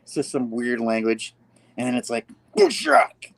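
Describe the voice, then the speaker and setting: A man hosting a casual comic book review, retelling the story with animated storytelling. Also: mid-range voice, moderate pace. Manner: animated storytelling, acts out the panels. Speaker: podcast host.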